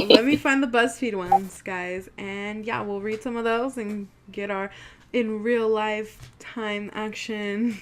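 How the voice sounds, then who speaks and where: A woman's voice: medium pitch, slight background noise. A young woman hosting her channel, chatting casually and telling spooky stories, swearing freely and acting out what people said. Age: young adult. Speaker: channel host.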